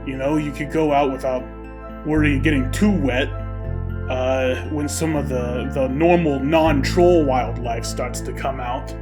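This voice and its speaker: A middle-aged father, as a man puts him on, hesitant and trailing off as he talks. His voice sits at a middle pitch. There is soft guitar playing behind him. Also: steady tone, close to an everyday voice. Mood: wistful. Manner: halting, trailing off, tearful. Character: grieving middle-aged father with lost memories.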